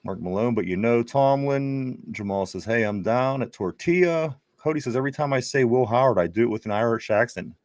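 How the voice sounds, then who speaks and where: A chatty host, reading viewer comments aloud for a casual sports talk show. His voice sits at a middling pitch for a man and often stumbles into restarts. The sound is dry and close. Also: brisk, few pauses, no room sound. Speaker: podcast host.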